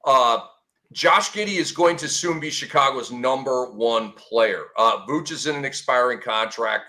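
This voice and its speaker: An excitable man hosts a casual sports podcast chat. His voice is bright and ringing at a middle pitch, and he throws in exclamations as he talks. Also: measured pace. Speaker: show host.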